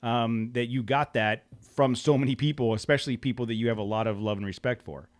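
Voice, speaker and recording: Brief: man podcast host, mid pitch, sincere and halting. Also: fairly even intonation. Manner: earnest, stumbling restarts. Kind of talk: casual interview chat.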